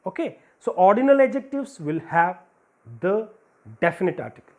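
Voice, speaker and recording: Male teacher, high-pitched; patient school grammar lesson that repeats and lists examples. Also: expressive, normal speed.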